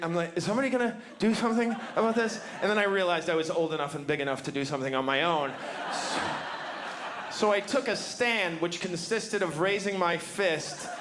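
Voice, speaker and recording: A man doing wry, wordy stand-up storytelling on a club stage, breaking into sudden shouted outbursts. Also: a little high. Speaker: stand-up comedian. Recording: live club recording with noise.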